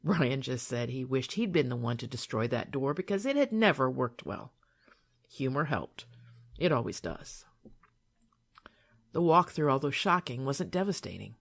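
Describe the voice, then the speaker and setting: An older woman reading her own memoir aloud in a calm, soothing, measured way. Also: very deep voice, creaky.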